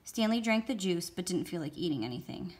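A woman storyteller reading a novel aloud in a steady, expressive way. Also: on the low side, brisk. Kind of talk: read-aloud book narration.

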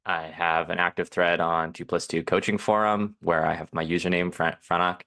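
Low, gravelly man breaking down poker hands. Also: normal speed. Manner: relaxed, analytical, a bit tired. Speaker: guest poker coach. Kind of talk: casual poker hand analysis.

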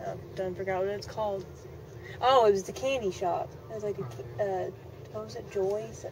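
A woman's voice: medium pitch, normal speed, background noise. A woman vlogging casually from a car, chatting and rambling with lots of fillers. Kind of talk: casual vlog chat.

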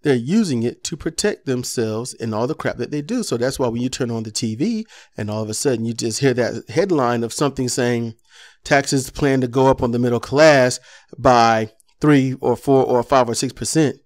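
A man's voice: mid-range voice, moderate pace. A man delivering an impassioned political commentary monologue, ranting with rhetorical questions.

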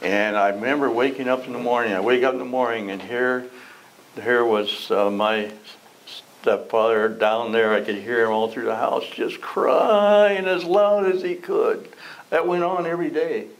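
A man's voice: mid-range voice, moderate pace, poor audio. A man teaching an adult Sunday school class, reading scripture and asking the class questions in a conversational way. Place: church classroom.

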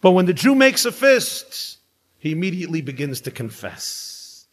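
A man, a rabbi, giving a live inspirational sermon with emphatic storytelling and dramatic pauses. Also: high-pitched, sing-song, husky, poor audio.

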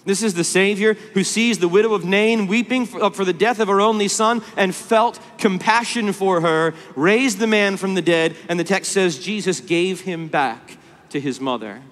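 High-voiced male preacher, impassioned sermon, long hall reverb. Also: normal speed. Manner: impassioned, rising from hushed tenderness to loud emphasis.

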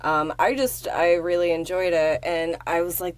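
Low-voiced gal cohosting a podcast, teasing, brash, cusses for fun. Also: female voice, little pitch movement, normal speed. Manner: teasing, brash, swears playfully. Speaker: podcast co-host. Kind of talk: casual chat.

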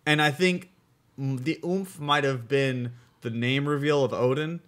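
A young man co-hosting a casual TV review chat, animated and acting out scenes with laughs. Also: medium pitch, unhurried. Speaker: co-host of a TV review show.

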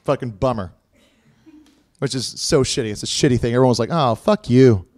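A man telling a long comic story on stage, rambling and swearing, full of fillers, and breaking into loud, high quoted voices. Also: a little fast. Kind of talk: live stand-up storytelling. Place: live stage before an audience.

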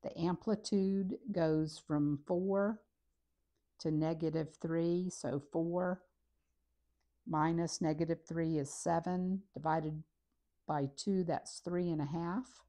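Speaking slowly in a fairly low register, this woman walks through a recorded math lesson step by step. Her delivery stays steady and methodical while she writes on the graph.

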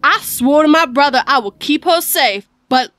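A woman's voice: high voice, moderate pace, a bit bright, no echo, faint music behind, voice pushed up. A woman voicing a furious older man with an American Southern accent, a great uncle speaking in an icy, clipped way, in a storybook horror reading.

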